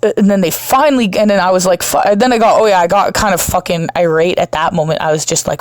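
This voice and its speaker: A woman's voice: fairly low pitch, steady tone, brisk, no echo. A woman hosting her own podcast, telling stories in a rambling, casual monologue full of swearing and laughs, with her breathing audible on a home mic. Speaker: podcast host.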